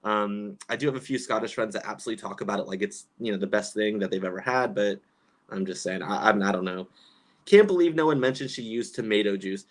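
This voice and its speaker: A man's voice: on the low side, fast talker. A man hosting a casual livestream, reading chat comments aloud and reacting with incredulous, exasperated laughter, rambling with lots of fillers and restarts.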